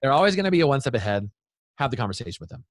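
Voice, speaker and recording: A man's voice: medium pitch, sing-song, rapid-fire, no room sound. A man in his thirties, a guest speaking to parents in an interview, talking with energy and acting out what kids say. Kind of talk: animated interview talk.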